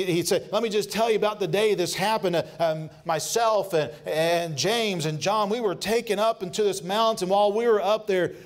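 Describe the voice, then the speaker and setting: This man preaches with real earnestness in a high voice. He often stops with filler words, starts phrases over, and eases his pace to dwell on passages of scripture.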